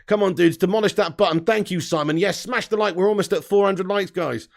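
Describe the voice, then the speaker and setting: A man's voice: on the high side, fairly quick, vocal fry. A man hosting a casual live stream, reading out viewer comments and laughing often.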